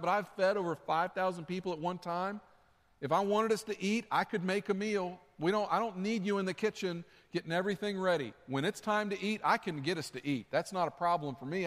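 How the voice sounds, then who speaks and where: A man preaching, voicing Jesus as a gentle adult man who speaks urgently and personally to a listener. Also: high voice, voice pushed up. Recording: long hall reverb.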